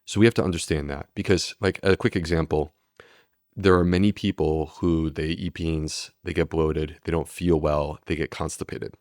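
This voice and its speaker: A man's voice: very deep voice, fairly even intonation, normal speed, a little mellow, dry recording, studio quality. A man, a medical doctor, explaining steadily and earnestly in a podcast interview. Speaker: gastroenterologist guest.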